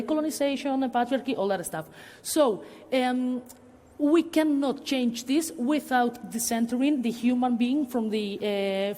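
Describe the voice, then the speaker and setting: A woman's voice: a little high, mellow. A woman speaking on a public panel in a cultural centre hall. She talks hesitantly, with many fillers. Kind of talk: public talk in a panel discussion. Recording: long hall reverb.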